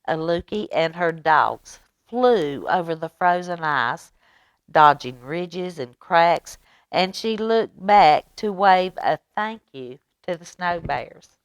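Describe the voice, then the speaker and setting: Slow storytelling woman librarian. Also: fairly low pitch, animated, no echo. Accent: Southern US. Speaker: children's librarian. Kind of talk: reading a picture book aloud. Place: public library.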